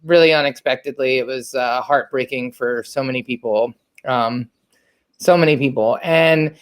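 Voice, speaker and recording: A woman in her thirties from the Washington, D.C. area, a podcast host telling a personal story in a candid, chatty way, with plenty of fillers and casual swearing. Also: sits low.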